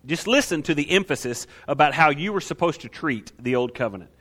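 A man preaches a sermon from the pulpit, his voice sitting a little high for a man. He moves quickly between reading scripture and pressing the point home, tossing rhetorical questions and small jokes to his congregation. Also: lively intonation, a bit bright. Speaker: pastor.

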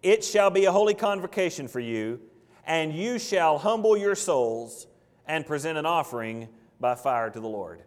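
A man preaching a sermon, building force through repeated phrases and then dropping to quiet, earnest emphasis. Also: on the high side, sing-song, moderate pace, in a large hall. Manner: preaching with rising and falling intensity, repetition for emphasis. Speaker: pastor.

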